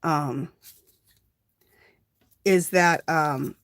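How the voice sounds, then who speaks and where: A woman's voice: sits low, drawn-out words, no echo, studio quality. A woman hosting a casual crafting livestream, chatting and thinking aloud as she works, recorded on a phone at her craft table. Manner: chatty, rambling, thinks aloud while working.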